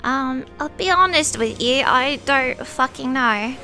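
High, bright-voiced woman streamer. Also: unhurried, faint music behind. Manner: profane, excitable exclamations. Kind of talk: casual gameplay commentary.

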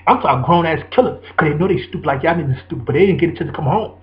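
Fast, profane New man ranting. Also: fairly high pitch, lo-fi sound. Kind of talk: ranting monologue.

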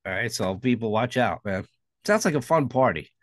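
A man's voice: mid-range voice, animated, moderate pace, no echo. A man co-hosting a podcast, joking crudely in casual banter. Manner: crude, joking, laughs often. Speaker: podcast co-host.

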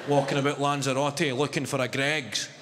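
A man's voice: medium pitch, very noisy. A young man in his twenties with a Glaswegian accent, doing stand-up as he tells a story and checks in with the crowd, on an arena stage. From Scotland. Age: 20s. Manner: conversational storytelling, checking in with the audience. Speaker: stand-up comedian. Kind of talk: stand-up comedy. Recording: echoey arena with loud crowd. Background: loud crowd laughter.

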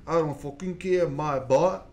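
A gaming channel host giving laid-back let's play commentary, mumbling and swearing, then yelling at the monsters. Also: medium pitch, a little slow, slight background noise.

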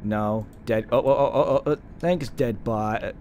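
A man hosting a casual let's-play gaming video, swearing, laughing at his own jokes and thinking out loud as he plays. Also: mid-range voice, a little slow, slight background noise.

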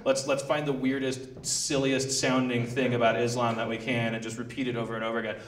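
A man's voice: mid-range voice, level tone, fairly quick. A man hosting a podcast before a live audience, rambling with many restarts and laughing asides. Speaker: podcast host. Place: live theater stage. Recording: echoey live room, mic at a distance.

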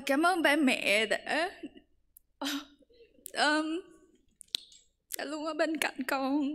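Nervous high-voiced young woman. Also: fairly bright tone. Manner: halting, many fillers. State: nervous and close to tears. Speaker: graduating student speaker. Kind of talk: short thank-you speech.

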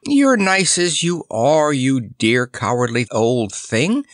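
A man voicing a relaxed, affectionate male camel with a wheezy voice. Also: mid-range voice, takes it slowly, gravelly, dry recording, clean studio sound, full character voice. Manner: fond, relaxed.

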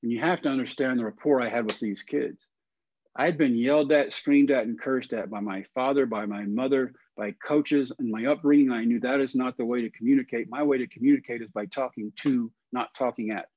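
A man in his forties from Texas, a podcast guest telling a long personal story in a folksy, animated way and acting out the voices of the people in it. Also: mid-range voice, a little fast, dull audio.

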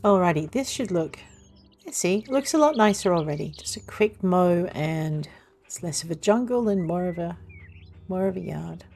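A woman's voice: on the low side, lively intonation, normal speed, a little mellow. A woman commentating her game play from home in a casual, chatty way, stopping now and then to talk fondly to her dog. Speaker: gaming channel host. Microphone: desk microphone.

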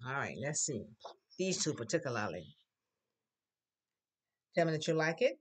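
A teacher running a classroom language drill, patiently prompting the class and loudly modeling words for them to repeat. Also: mid-range voice, sing-song, moderate pace, pauses often, slightly rough. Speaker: Spanish teacher.

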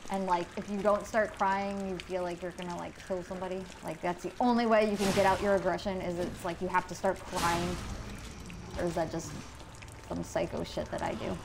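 A woman's voice: fairly low pitch, level tone, a little fast, vocal fry, noisy background. A woman streaming a video game, talking casually to her chat and swearing often out of frustration. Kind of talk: casual live gameplay commentary.

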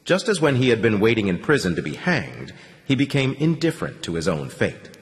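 Low, expressive male audiobook narrator. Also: a little fast. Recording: long reverb on the voice.

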